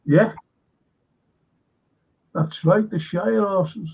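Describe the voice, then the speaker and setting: A man with a high, husky voice spins a rambling anecdote and throws himself into the quoted dialogue. The sound is dull and lo-fi. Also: very slow. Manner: rambling storyteller, acts out quotes animatedly. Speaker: show co-host. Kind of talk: casual anecdotal chat.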